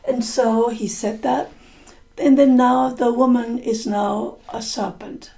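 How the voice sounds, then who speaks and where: A woman's voice: on the high side, steady tone, slow pace, creaky, mellow. A woman telling a folk tale to English learners, repeating and rephrasing lines and explaining words as she goes. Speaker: storyteller and English teacher.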